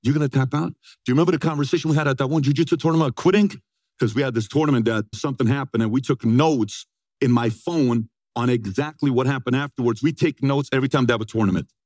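A man in his forties telling a story to an audience, energetic and punchy, often throwing questions back at them. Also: medium pitch, no echo. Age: 40s. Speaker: motivational speaker.

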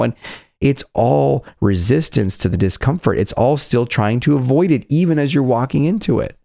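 A man's voice: mid-range voice, lively intonation, normal speed, vocal fry, darkish tone, no echo, clean studio sound. A man giving an earnest motivational talk as a confidence coach, often acting out people's inner voices.

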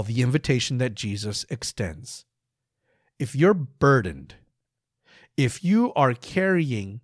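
A man's voice: on the high side, no room sound, clean studio sound. A man hosting a devotional podcast, talking earnestly and emphatically, often repeating words as he gathers his thoughts. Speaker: podcast host. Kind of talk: conversational devotional podcast teaching.

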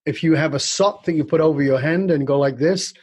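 A man's voice: on the high side, a little fast, darkish tone, husky, no room sound. A man guest in an interview, candidly and reflectively telling a personal story with casual swearing.

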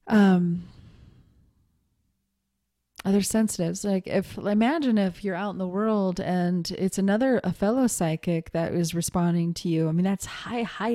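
Middle-aged woman, low and mellow, unscripted teacher, chatty with lots of ums and easy laughs. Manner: conversational, laughs often, many fillers. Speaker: psychic teacher. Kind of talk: casual spoken teaching.

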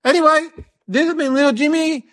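A chatty, mocking little boy, played by a woman, rambles through a silly story, giggling and putting on funny voices for his family. The voice sits a touch high for an adult. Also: brisk, natural voice. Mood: cheeky. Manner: rambling, giggly, mimics relatives in quotes. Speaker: comedy sketch performer. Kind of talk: improvised comedic storytelling.

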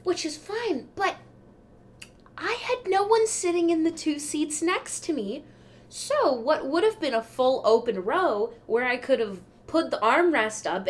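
A young adult woman hosting a podcast, telling travel mishaps in a chatty, wry, self-deprecating way. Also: on the high side. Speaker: podcast host. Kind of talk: casual travel storytelling.

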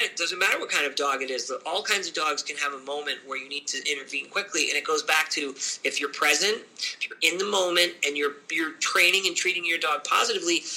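A man's voice: vocal fry, rough recording. A dog trainer, a man, talking casually and emphatically about dog training. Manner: animated, emphatic, switches into high voices for quoted people. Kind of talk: casual podcast chat.

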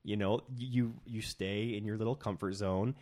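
A young man co-hosting a casual chat, telling stories in an animated way with many restarts. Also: fairly low pitch, normal speed. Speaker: podcast co-host.

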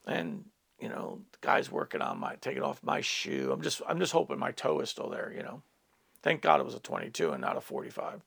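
A man's voice: medium pitch, huge pitch swings, a little fast, vocal fry, a bit bright, husky. A middle-aged man, a pastor, telling a personal testimony in a teaching talk, earnest, with asides to his listeners.

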